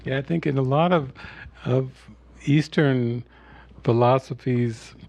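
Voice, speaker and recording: A man giving a spiritual teaching talk at an online retreat, retelling a film scene in a relaxed storytelling way. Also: medium pitch, slow, gravelly.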